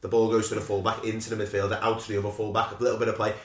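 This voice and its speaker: A man telling animated stories as a co-host in casual chat. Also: fairly low pitch, very fast, distant mic. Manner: animated storytelling, mimics shouts. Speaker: podcast co-host. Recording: roomy echo.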